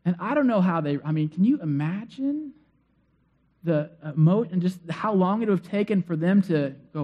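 A man's voice: sits high, lively intonation, moderate pace, dark tone, lo-fi sound. A man preaching a sermon and retelling a story in a conversational way, acting out the figures' lines. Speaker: pastor.

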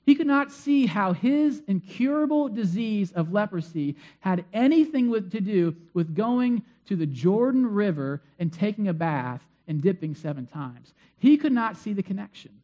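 A man's voice: sits high, expressive, normal speed, few pauses, dark tone. A male pastor preaching a sermon in a conversational, storytelling way with frequent fillers.

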